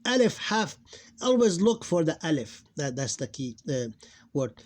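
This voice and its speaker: Halting man teaching a language lesson. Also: a little high, big pitch swings, a little mellow. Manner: halting, repeats words while explaining. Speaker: Arabic teacher.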